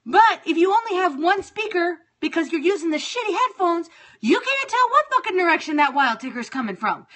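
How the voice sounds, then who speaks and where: A woman in her thirties talking on a casual phone livestream, swearing freely and swinging between loud venting and calm muttering. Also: very high voice, brisk. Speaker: livestream host.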